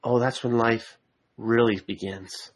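A man's voice: medium pitch, steady tone, slow pace, low-quality recording. Male preacher, earnest sermon delivery that climbs into emphatic appeals. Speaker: pastor.

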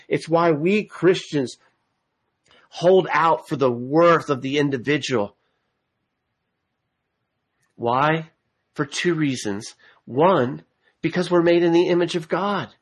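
A man's voice: on the high side, poor audio. Earnest male preacher delivering a sermon. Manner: earnest preaching, rising to emphatic exhortation. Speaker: pastor.

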